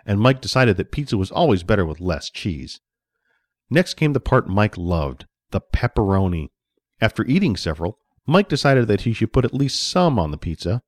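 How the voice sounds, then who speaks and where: Expressive male storyteller, dry recording. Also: medium pitch, no echo. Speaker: narrator. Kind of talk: reading a children's story aloud.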